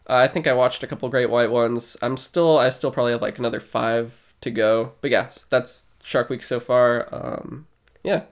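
Man, podcast co-host, casual rambling chat, loose and profane, mid pitch. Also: steady tone, moderate pace. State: short of breath.

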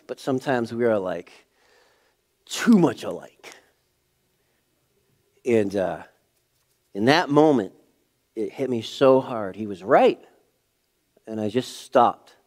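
A middle-aged male pastor preaching a sermon in a church. He tells a personal story, moving from hushed, quiet passages to raised, emphatic ones. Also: medium pitch.

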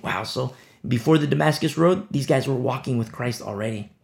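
A man preaching an expository sermon, passionate, repeating words for emphasis and swinging between loud declarations and hushed asides. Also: mid-range voice, a little fast, creaky. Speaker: pastor.

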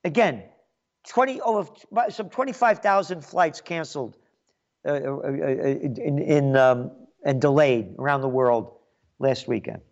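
A commentary show host from New York delivers a ranting monologue in a somewhat high, slightly slow man's voice over dull audio. He is sarcastic and mocking, swinging between loud jabs and muttered asides.

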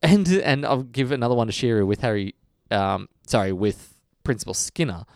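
A man's voice: medium pitch, a little mellow, no echo, clean studio sound. An Australian man hosting a casual podcast chat, reading out listener mail between asides. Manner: chatty, reads listener mail, slips into quick impressions. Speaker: podcast host.

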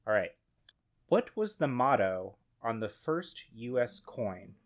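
A man co-hosting a comedy podcast, talking in a relaxed way and filling his sentences with ums and likes. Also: medium pitch, slow. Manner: laid-back, lots of ums and likes. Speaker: podcast co-host. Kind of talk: comedic casual chat.

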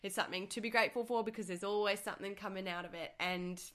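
A woman's voice: mid-range voice, steady tone, fast, a bit bright. A young Australian woman hosting a solo podcast, chatty and upbeat, sounding nasal and congested from the flu. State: congested, stuffy-nosed from flu. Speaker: podcast host.

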